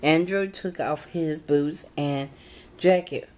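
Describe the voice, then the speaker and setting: Young woman reading a bedtime story aloud, kinda halting, fixes her slips. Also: low-pitched, a little mellow. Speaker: channel host reading to reborn dolls.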